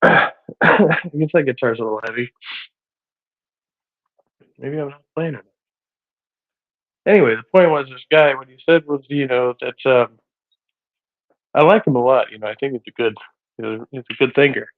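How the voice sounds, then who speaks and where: A man's voice: mid-range voice, normal speed, pauses often. A man streaming live, rambling casually with lots of hesitant fillers and a slightly breathless voice. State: a bit out of breath. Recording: tinny phone-like audio.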